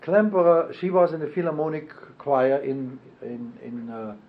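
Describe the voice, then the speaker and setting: An older man recalling his past in an oral history interview, speaking haltingly with fillers and self-corrections. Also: on the high side, lively intonation. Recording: dull lo-fi archival tape.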